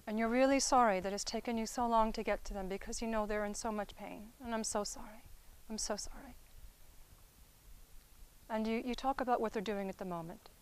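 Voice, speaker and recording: In this instructional talk, a woman therapist explains inner-child healing work in a conversational, teaching way, checking in with listeners and often softening into gentle, quiet phrasing. Her voice is fairly high and smooth, and she speaks fast with hardly any pauses. The audio quality is poor.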